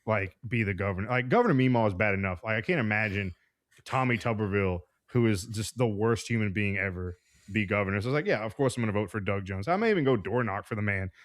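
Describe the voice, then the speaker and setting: A man's voice: lowish voice, no echo, studio quality. A man from Alabama, a podcast guest, talking politics in casual chat with blunt, profane bluntness.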